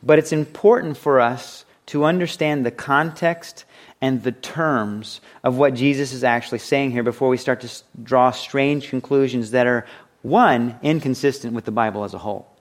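Conversational man preaching a sermon. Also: normal speed. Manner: conversational, rhetorical questions, wide dramatic pitch swings. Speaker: pastor.

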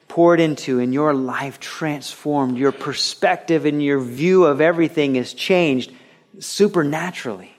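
A man preaching a radio sermon, earnest and conversational, dropping low and soft, then rising into lively storytelling. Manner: earnest and conversational, with repeated restarts; swings between a quiet, intimate tone and lively, raised storytelling. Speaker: pastor.

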